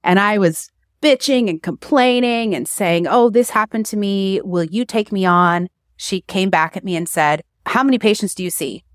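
A woman speaking bluntly and with emphasis, laughing now and then at herself. She talks at a middle pitch, recorded close and dry with no room sound. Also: unhurried, no echo. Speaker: podcast guest, acupuncture practice owner. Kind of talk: candid interview talk.

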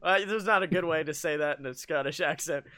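A man's voice: a little high, brisk, sharp tone. A young man co-hosting a comedy podcast, reading fan fiction aloud and breaking off to laugh and joke. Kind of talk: comedic dramatic reading with put-on voices.

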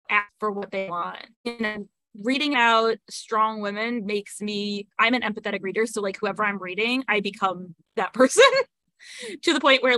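A woman's voice: medium pitch, sharp tone, no echo. A woman, a guest on a podcast, talking at length with many fillers. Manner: talkative, fillers, laughs between points. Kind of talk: casual chat.

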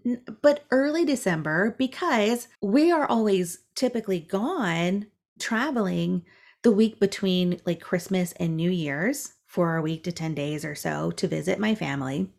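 A woman's voice: mid-range voice, normal speed, gravelly. A woman podcast co-host telling a personal story in casual, chatty talk, full of "like" fillers. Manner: chatty, animated, frequent "like" fillers.

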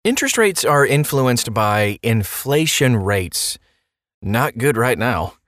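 A man's voice: medium pitch, big pitch swings, slow pace, a bit bright, dry recording, studio quality. A man hosting a podcast and explaining a money topic in a playful way, with rhetorical questions and jokey asides. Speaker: podcast host.

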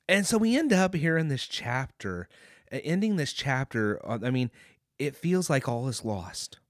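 A man hosts a devotional podcast, retelling a Bible chapter in an earnest, lively way. His voice sits at a middle pitch for a man. The recording is dry and close, with no room sound. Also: no room sound. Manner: earnest, lively storytelling with restarts and fillers. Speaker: podcast host.

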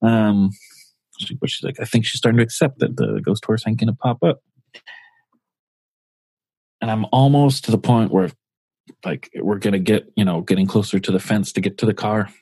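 A man's voice: fairly low pitch, moderate pace, long pauses, mellow, slightly rough, no echo. A man co-hosting a podcast, telling a long story in a casual, rambling, profane way full of fillers. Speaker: podcast co-host.

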